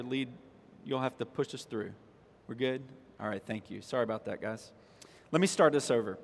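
A man, the pastor, preaching a conversational sermon and reading scripture, pushing his voice up for emphasis. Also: medium pitch. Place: church sanctuary. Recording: long reverb of a church hall.

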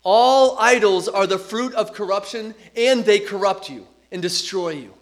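Middle-aged guy preaching a sermon, high voice, earnest, repeats himself for emphasis. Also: unhurried. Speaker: pastor.

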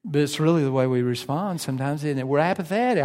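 A man delivering a sermon with a slightly high voice, talking with the congregation as much as preaching to them. He asks questions and sometimes slips into the voices of doubting listeners. His words ring out with a long reverb, as in a church hall. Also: animated, quick pace, few pauses, darkish tone.

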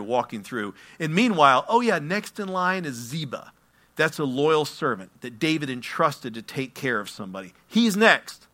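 Animated preacher man, bright voice. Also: mid-range voice. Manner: animated storytelling with acted-out quotes; asides and self-corrections while reading scripture. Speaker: pastor. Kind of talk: verse-by-verse sermon.

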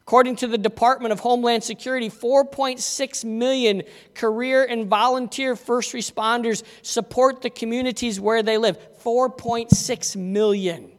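A man's voice: very high-pitched, steady tone, normal speed, few pauses. A man preaching a conversational sermon as pastor, telling stories in a folksy way. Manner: folksy storytelling. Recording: long hall reverb.

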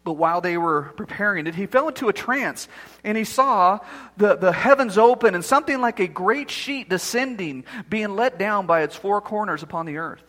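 A man's voice: high voice, expressive, normal speed, sharp tone, long reverb tail. A man preaching a sermon as pastor, acting out the quoted voices as he speaks.

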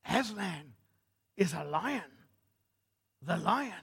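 A homely male beaver from a storybook speaks sternly, leaning hard on every point, as a man reads him aloud. The voice sits high and insistent. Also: big pitch swings, slow, creaky, fairly bright tone, husky, full character voice. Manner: stern, emphatic.

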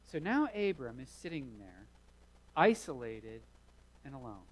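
A man's voice: mid-range voice, sing-song, measured pace, rough recording. A man preaching a sermon, retelling a story vividly with rising emphasis. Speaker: pastor.

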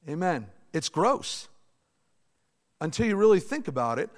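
Male pastor, high voice, chatty animated preaching, big reverberant church. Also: measured pace, long pauses. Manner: animated, conversational preaching with asides to the congregation. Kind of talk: sermon. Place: church sanctuary. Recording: long reverb of a large hall.

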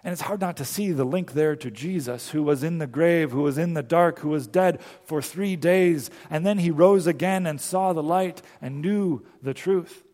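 A male pastor telling a Bible story in a sermon, slowing down and pausing for emphasis. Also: a little high, a little mellow, in a large hall. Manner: storytelling, with slow emphatic pauses.

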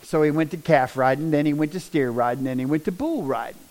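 A middle-aged man, telling a personal testimony in a folksy, animated storytelling way. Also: fairly high pitch, fast, rough recording. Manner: animated, down-home storyteller with rising bursts of emphasis. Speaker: speaker sharing a personal testimony.

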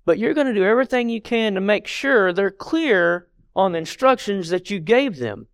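A man's voice: sits high, sing-song, normal speed, gravelly, clean tone, dry recording. A middle-aged man giving a conversational sermon as a lay church member, earnest and plainspoken, talking directly to the congregation.

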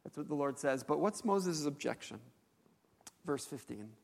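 A man preaching a sermon as a pastor, telling stories in an animated way with frequent fillers. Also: fairly high pitch, normal speed, creaky, in a large hall.

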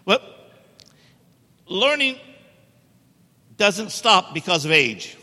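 A middle-aged man preaches with a high, sharply bright voice, pressing his points hard and teasing the congregation. The sound rings with long church hall reverb. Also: big pitch swings, very slow. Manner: emphatic, joking with the congregation. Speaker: guest preacher. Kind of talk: sermon. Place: church sanctuary.

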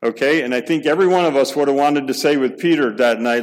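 A man's voice: mid-range voice, fast, rough recording. Earnest middle-aged male preacher. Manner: earnest, emphatic preaching with rhetorical questions; repeats words as he restarts. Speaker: pastor. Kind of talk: sermon.

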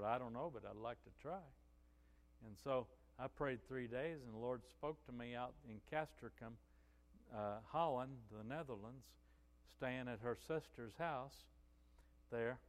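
A man's voice: mid-range voice, in a large hall. A male pastor preaching a sermon in a conversational storytelling way, with frequent "you know" asides.

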